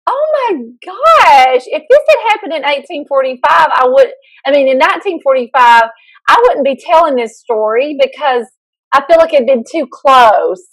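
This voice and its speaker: A woman's voice: high-pitched, lively intonation, moderate pace, no room sound, rough recording. A woman co-hosting a podcast as a school counselor, chatting casually, laughing and rambling with restarts.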